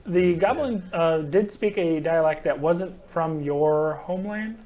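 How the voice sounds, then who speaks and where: A man's voice: fairly high pitch, a little slow, dark tone. A man narrating as game master in a game store, rambling and laughing between descriptions.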